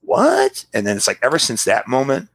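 A man's voice: fairly low pitch, quick pace, fairly bright tone, slightly rough, no room sound. A man in casual conversation, telling personal stories and acting out what people said. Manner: storytelling, acts out quotes, laughs along. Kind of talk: casual chat.

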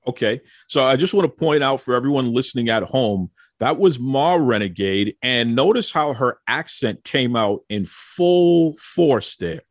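A male podcast host with a lively, swinging voice, teasing and joking with his guests. He often doubles up his words as he goes. The sound is dry and close. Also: mid-range voice, a little slow, hardly any pauses, no echo. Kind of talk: casual chat.

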